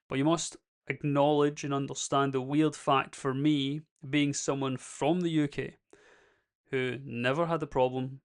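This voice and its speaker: A man's voice: mid-range voice, vocal fry. A young man with a Scottish accent, talking candidly and a bit ramblingly in a casual vlog. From Scotland. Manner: candid, rambling and self-deprecating. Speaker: YouTube creator.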